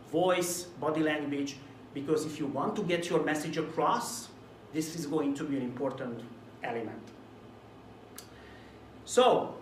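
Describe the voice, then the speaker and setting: Animated man coaching on delivery, roomy sound. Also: a little high, distant mic, a little hiss or hum. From Hungary. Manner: animated, demonstrates flat and mumbled delivery as examples. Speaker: presentation coach. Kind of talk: recorded video talk to camera.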